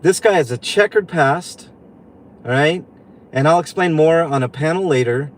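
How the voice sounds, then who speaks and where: A man hosting a livestream from inside a vehicle, venting in a halting, upset way and greeting viewers. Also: fairly high pitch. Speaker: livestream host. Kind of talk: livestream commentary.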